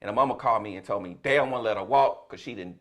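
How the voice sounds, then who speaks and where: A man's voice: lowish voice, rapid-fire, fairly bright tone. A middle-aged man, a comedian, telling a story in a casual chat and laughing through the punchlines. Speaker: comedian guest.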